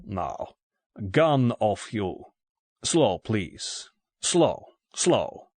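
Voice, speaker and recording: In an audiobook, a male narrator puts on a sniggering Russian gunman with a thick Russian accent, drawling slow broken English. The voice drops a little lower and sounds different from the narrator's own, with good-humoured menace and blunt commands. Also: big pitch swings, a little mellow, dry recording, exaggerated voice. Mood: commanding. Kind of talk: audiobook character voice.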